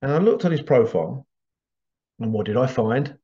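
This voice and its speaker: A man's voice: mid-range voice, expressive, moderate pace, mellow, highs cut off. A man hosting a podcast, talking in a loose, rambling monologue with frequent restarts and laughs. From Britain. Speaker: podcast host. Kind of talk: casual monologue.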